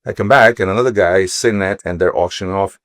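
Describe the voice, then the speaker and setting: A middle-aged man from Ukraine, a watch dealer, telling stories in casual chat, animated and swearing freely. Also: low-pitched, quick pace, no echo. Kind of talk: casual storytelling.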